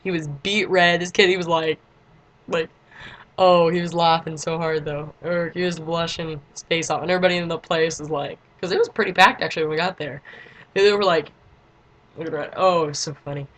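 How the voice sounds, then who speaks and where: A teenage girl telling a story to her camera in a casual vlog. She chats and giggles along and leans on "like" constantly. Now and then she breaks into excited squeals. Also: fairly low pitch, a little fast. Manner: chatty and giggly, lots of "like", squeals in quotes. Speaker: vlogger.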